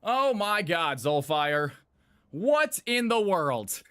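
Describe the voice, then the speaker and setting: A man hosts a live game stream, talking fast and shouting with excitement at his chat. His voice sits high and sounds bright and sharp. The sound is dry and close, with little room sound. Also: smooth, dry recording. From California. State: out of breath. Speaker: streamer hosting viewer games. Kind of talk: live-stream hype commentary.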